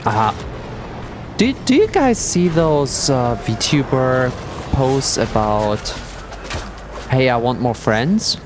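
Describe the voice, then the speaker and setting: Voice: medium pitch, slow, long pauses, background noise. A streamer chatting casually and playfully during a gameplay livestream. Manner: playful and animated, with silly meowing bits.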